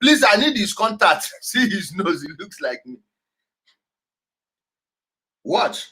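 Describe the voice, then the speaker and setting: High, bright-voiced man commenting. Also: big pitch swings, takes it slowly, slightly rough. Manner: emphatic, repeats key words, laughs often. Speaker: host reacting to clips. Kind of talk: animated commentary over clips.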